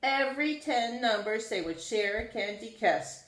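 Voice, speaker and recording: A woman reading a children's storybook aloud in an expressive, sing-song storytelling manner. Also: a little high, unhurried. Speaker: storybook reader. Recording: roomy echo.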